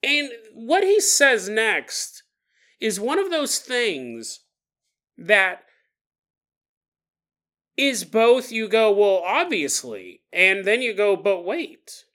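A man telling a paranormal story on his podcast, his voice swinging freely up and down in pitch. The tone is bright and forward, and he breaks into laughter mid-sentence as he talks. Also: expressive, extremely slow, pauses often. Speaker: podcast host.

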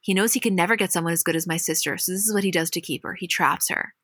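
A woman's voice: on the low side, steady tone, fast, fairly bright tone, no room sound, clean studio sound. A woman reading out the lines of a furious young woman confronting her sister, quoting her verbatim. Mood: indignant.

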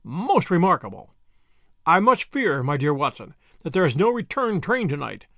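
A man doing commanding male detective, crisp, decisive, animated delivery. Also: on the high side, moderate pace, dry recording, studio quality. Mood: dryly amused.

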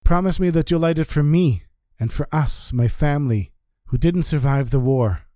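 A man gives voice to a doomed father's wartime plea, solemn and begging. The tone is mellow and dark, recorded close and dry. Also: on the high side, moderate pace, dry recording, lightly acted. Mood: pleading.

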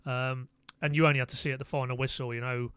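A man, a football correspondent talking through a match on a podcast in a radio studio, quick and fluent. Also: medium pitch, little pitch movement, fairly bright tone, clear, resonant tone, no room sound. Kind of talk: casual football podcast chat.

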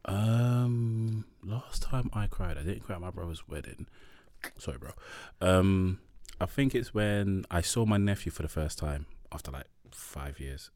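Man, very low voice, easygoing podcast guest, dry sound. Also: animated, measured pace, a little mellow, no room sound. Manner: laid-back, hesitant, low-key. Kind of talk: casual podcast chat.

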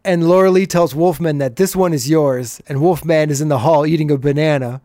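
A man's voice: on the high side, brisk, dark tone, faint music behind. A man hosting a podcast, casually recapping an old TV episode and chuckling as he retells the scenes.

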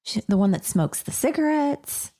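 A woman's voice: high-pitched, very animated, moderate pace, mellow. Chatty middle-aged woman who laughs a lot. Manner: chatty, laughing often, with fillers and restarts. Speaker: podcast co-host. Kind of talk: casual chat.

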